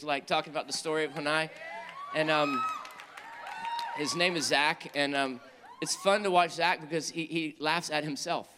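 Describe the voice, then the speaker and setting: High bright guy joking around with a youth crowd, lots of restarts, big hall reverb. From North Carolina. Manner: chatty, joking, full of restarts and asides. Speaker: host and speaker at a youth worship event. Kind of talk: lively stage talk to a live crowd. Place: stage in a large venue. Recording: long reverb of a large hall.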